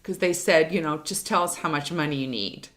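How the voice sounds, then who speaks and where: A woman's voice: deep voice, a little fast. A middle-aged woman from Kentucky, a jazz singer, chatting casually as a guest and telling stories with many restarts. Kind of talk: casual chat.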